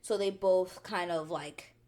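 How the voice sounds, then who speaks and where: A woman hosting a chatty reality show recap, animated and quick to act out the people she talks about. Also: lowish voice. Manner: animated, chatty, drops into quoted voices. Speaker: TV recap vlogger.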